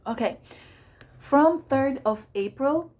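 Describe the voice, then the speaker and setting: A woman's voice: high-pitched, lively intonation, slow, darkish tone. Chatty woman astrologer, rambling. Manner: chatty, rambling, many fillers and asides. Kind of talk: casual forecast talk to camera.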